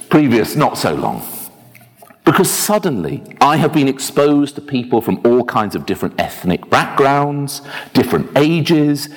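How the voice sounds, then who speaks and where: Lively male minister preaching in a reverberant church. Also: mid-range voice. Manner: anecdotal, self-deprecating, lively storytelling. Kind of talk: sermon. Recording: long reverb of a church hall.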